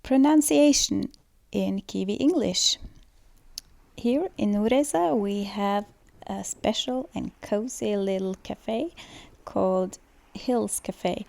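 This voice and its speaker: A woman's voice: mid-range voice, takes it slowly, vocal fry, a little mellow. A woman giving a scripted student presentation on pronunciation, explaining steadily with occasional fillers. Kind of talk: school presentation voice-over.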